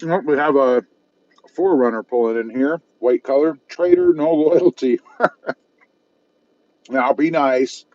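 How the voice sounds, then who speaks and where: A man's voice: medium pitch, takes it slowly, long pauses, no room sound. Man, casual live-stream chat, close phone mic, dry slightly dull sound. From South Texas. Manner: chatty, self-mocking, reads viewer comments aloud. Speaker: car channel host reading live chat. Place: parked car at a fast-food restaurant.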